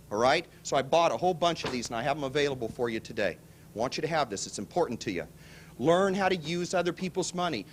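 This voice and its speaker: Male seminar pitchman, high voice that swoops all over, acts out every exchange in his stories. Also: a little hiss or hum. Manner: animated storytelling, acts out both sides of dialogue. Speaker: seminar speaker. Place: seminar hall before a live audience.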